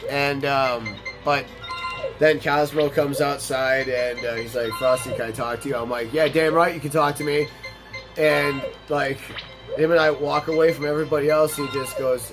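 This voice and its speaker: A young man telling a workplace story in a blunt, profane, animated way, acting out the quoted dialogue. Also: on the high side, moderate pace. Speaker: gaming channel host telling a story. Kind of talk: casual storytelling over gameplay. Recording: voice over loud game music.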